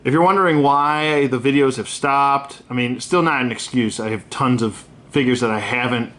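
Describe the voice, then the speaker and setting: A man's voice: mid-range voice, moderate pace, a bit bright. Man griping through a casual toy review. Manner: candid, griping, swears freely; rambling with many fillers and self-corrections. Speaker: action figure reviewer.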